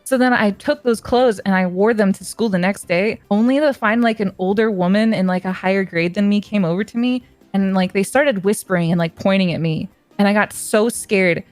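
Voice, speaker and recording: A woman's voice: mid-range voice, brisk, few pauses, dry recording, faint music behind. A young woman streamer chatting casually, telling stories with many fillers and frequent giggles. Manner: giggly, storytelling with lots of "like". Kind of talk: casual chat.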